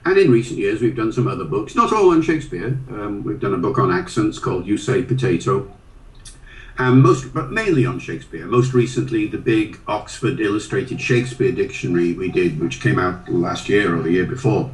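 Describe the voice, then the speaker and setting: A man's voice: fairly low pitch, expressive, moderate pace. An older man speaks as an interview guest, easing into anecdotes with many small hesitations and fillers. His voice carries a roomy echo. He sounds set back from the microphone. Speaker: guest, linguist. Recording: roomy sound from a distant mic.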